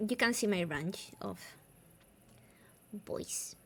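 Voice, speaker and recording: A woman's voice: on the high side, animated, measured pace, a little hiss or hum. A woman from southern Spain with a Spanish accent, a native Spanish speaker, chatting casually as a streamer, laughing often and switching between English and Spanish. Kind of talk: casual chat.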